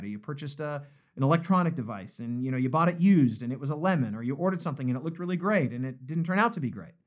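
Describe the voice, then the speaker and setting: Lively conversational male pastor. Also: a little high, slightly rough. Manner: animated, conversational, repeats key phrases. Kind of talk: live-streamed devotional sermon.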